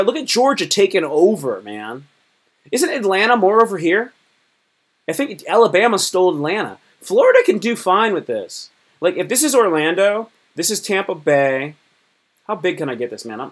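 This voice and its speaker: A man from Virginia chatting casually on a live stream, joking and rambling in a loose, slangy way. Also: a little high. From Virginia, United States.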